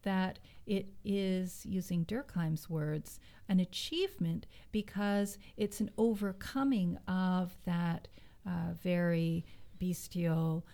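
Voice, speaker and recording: Woman, co-host, slight vocal fry, measured and explanatory, casual academic talk. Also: on the low side, steady tone, mellow.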